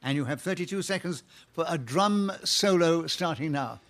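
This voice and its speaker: A man's voice: fairly high pitch, lively intonation, normal speed, fairly bright tone. A man chairing a radio comedy panel game, genial and sometimes stumbling over his words. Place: radio studio with a live audience.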